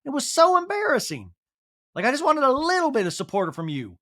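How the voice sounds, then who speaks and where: A man putting on the voice of an upset young woman from reality TV, high and pleading. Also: huge pitch swings, brisk, fairly bright tone, full character voice. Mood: hurt.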